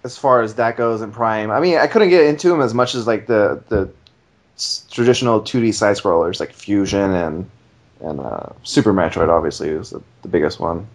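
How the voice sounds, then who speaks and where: A man on a casual podcast panel, offering halting, deadpan remarks. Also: fairly low pitch. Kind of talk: casual chat.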